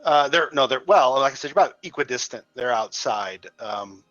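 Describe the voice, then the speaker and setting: A man's voice: medium pitch, expressive, moderate pace, a bit bright, no room sound, soft background music. A man narrating a tabletop game as dungeon master in a loose, meandering way. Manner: loose, meandering, full of fillers. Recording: dull lo-fi dry sound.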